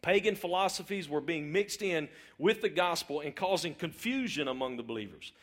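Man preaching, higher voice. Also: animated, moderate pace. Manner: conversational, repeats words, asks the audience questions. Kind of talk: informal sermon.

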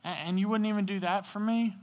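A man's voice: high-pitched, fairly even intonation, brisk, a little mellow, pitched above the performer's own voice, lightly acted. A man voicing a resentful young older brother who complains in whiny, slangy speech. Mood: indignant. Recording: echoey hall.

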